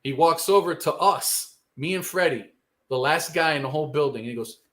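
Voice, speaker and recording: A man's voice: fairly high pitch, fairly quick, a bit bright. A man, a guest telling a long rambling story in casual, profane street slang. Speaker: guest musician.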